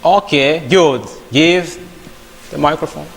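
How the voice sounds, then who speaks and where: A man moderating a discussion group, briskly passing the floor and teasing speakers. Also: a little high, creaky, slight background noise. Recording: hall with long reverb.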